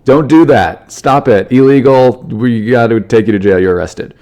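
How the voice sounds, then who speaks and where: Comedian riffing on odd news. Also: male voice, mid-range voice, normal speed, warm tone, highs cut off. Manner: swears freely, jumps into goofy character voices. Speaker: podcast host, comedian. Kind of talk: casual comedic monologue reading news stories.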